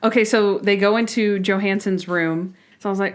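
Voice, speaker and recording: A woman's voice: medium pitch, normal speed. A woman co-hosting a podcast in casual chat, retelling scenes with lots of acted-out quotes. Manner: animated retelling, acting out scenes in quoted voices. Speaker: podcast co-host.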